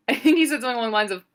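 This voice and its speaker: A young adult woman co-hosting a podcast, giving a sarcastic, profane, rambling play-by-play recap. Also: fairly high pitch. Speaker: podcast co-host. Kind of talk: casual wrestling recap.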